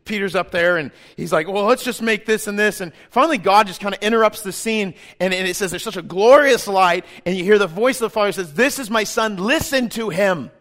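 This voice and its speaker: A man with a high-pitched voice delivers a sermon. He rises to emphatic, forceful peaks and then falls to quiet, intimate passages. He plays out quoted dialogue in a loose, joking tone. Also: quick pace, hardly any pauses. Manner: swings from loud and emphatic to hushed and intimate. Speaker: pastor.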